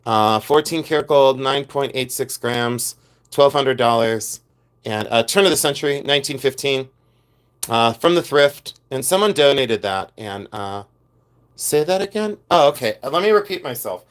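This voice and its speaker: A man hosting a casual livestream about jewelry, chatty and animated, rambling with many fillers. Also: mid-range voice, moderate pace. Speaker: jewelry designer and livestream host.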